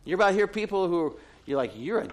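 A man's voice: sits high, fast. A middle-aged man preaching a sermon to a congregation, telling stories with humorous asides. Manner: animated storytelling with humorous asides. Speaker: pastor.

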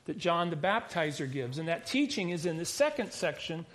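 A man's voice: fairly high pitch, sing-song, moderate pace, a bit bright. A man, a pastor, preaching a sermon in a conversational way, often restarting phrases and adding asides. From United States.

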